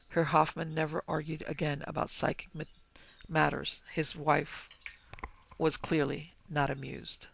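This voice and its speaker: Narrating a ghost story, a male podcast host speaks in an even, measured way with a very gravelly, fairly high voice. His pitch stays flat, and the sound is dry and close-miked.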